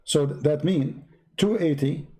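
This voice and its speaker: A man's voice: a little high, measured pace, warm tone. A man with an Arabic accent, a native Arabic speaker, giving sarcastic religious commentary in broken English. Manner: sarcastic, broken grammar, repetitive counting. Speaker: host.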